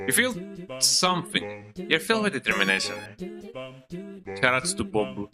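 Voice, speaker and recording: A man's voice: medium pitch, sing-song, normal speed, long pauses. A man streaming a video game in casual commentary, playful, tagging many lines with "eh?" and "man". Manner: playful, tacks on "eh?" and "man" often. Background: game music.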